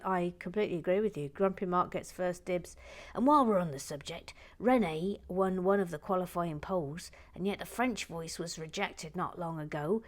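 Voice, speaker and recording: Chatty woman building LEGO. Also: lowish voice. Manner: chatty, wry, talking to herself; reads viewer comments aloud. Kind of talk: casual narration while building.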